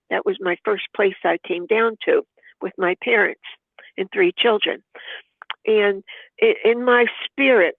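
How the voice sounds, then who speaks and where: A woman's voice: medium pitch, creaky, no room sound. An older woman, a podcast guest, telling a heartfelt personal story in an earnest, devout way and acting out remembered dialogue. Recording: tinny phone-like line, dry.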